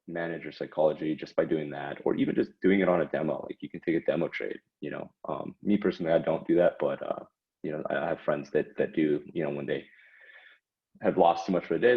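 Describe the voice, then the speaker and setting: A man giving casual instructional talk about trading, conversational, with frequent fillers and tag questions like "right?" and "okay?". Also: rumbling low. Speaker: trading educator. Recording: dull lo-fi recording.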